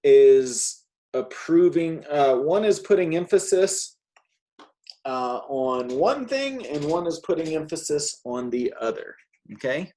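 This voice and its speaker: A man's voice: a little high, unhurried, warm tone. A man teaching a one-on-one English grammar lesson, patient and often checking in with "okay?".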